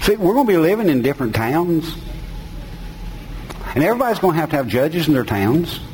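A man's voice: fairly high pitch, very animated, brisk, darkish tone, slight background noise, low-quality recording. A man, preaching an emphatic sermon and speaking straight to his listeners.

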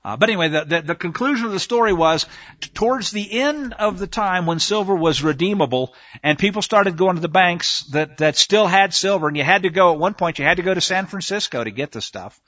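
A man's voice: high-pitched, animated, fairly quick, fairly bright tone, dry recording, muffled recording. A man hosting a talk radio show in a rambling, emphatic monologue, with frequent restarts. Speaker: radio host.

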